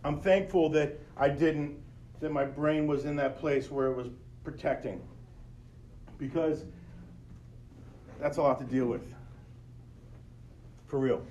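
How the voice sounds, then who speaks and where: A man's voice: fairly high pitch, steady tone, slow, pauses often, a little mellow, highs cut off, a little hiss or hum. A middle-aged man hosting a podcast, telling a personal story in an earnest, conversational way and speaking straight to his listeners. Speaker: podcast host.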